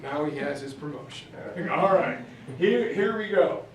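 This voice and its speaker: A man's voice: on the high side, expressive, unhurried, a little hiss or hum. A man casually lecturing on history to a class, telling stories in a chatty way with fillers and asides. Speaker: history teacher. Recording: echoey room, mic far off.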